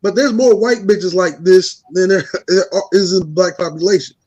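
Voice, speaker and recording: High-voiced man, mocking and profane. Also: moderate pace, darkish tone, highs cut off. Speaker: co-host. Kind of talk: casual commentary.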